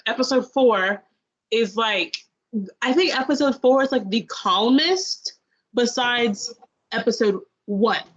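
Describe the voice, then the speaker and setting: Rambling, high-voiced young woman. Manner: rambling, animated storytelling. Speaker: podcast co-host. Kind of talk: casual review chat. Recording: dull lo-fi sound.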